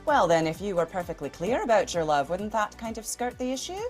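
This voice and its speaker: A woman playing a tabletop game, asking the game master questions in a lively way. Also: medium pitch, brisk, soft background music. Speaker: player.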